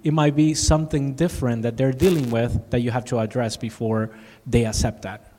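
A man's voice: mid-range voice, fairly even intonation, brisk, mellow, slight background noise. Earnest man giving advice in a reverberant room. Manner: earnest, advisory, repeats words. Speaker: pastor teaching evangelism. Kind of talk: instructive discussion.

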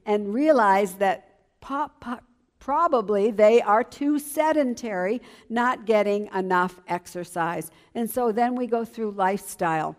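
A woman in her seventies giving an enthusiastic church presentation as a health educator. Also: on the high side. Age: 70s. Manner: lively, enthusiastic, emphatic.

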